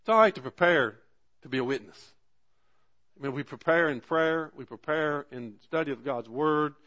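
A man's voice: on the high side, normal speed, sharp tone. A man, preaching a sermon in a folksy storytelling way, often stopping to ask the congregation for an amen. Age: 40s. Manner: folksy storytelling with frequent restarts and call-and-response "amen". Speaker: pastor.

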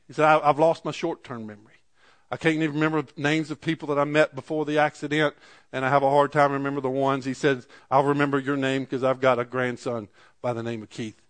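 A man's voice: mid-range voice, level tone, quick pace. A middle-aged male pastor preaching a sermon, telling a story in an earnest way and rising to fervent preaching.

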